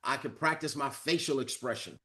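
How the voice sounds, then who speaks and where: A man's voice: medium pitch, brisk, pushed and bright. A man giving a motivational training talk, coaching his audience and acting out sample phone calls with lots of energy. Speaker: network marketing trainer.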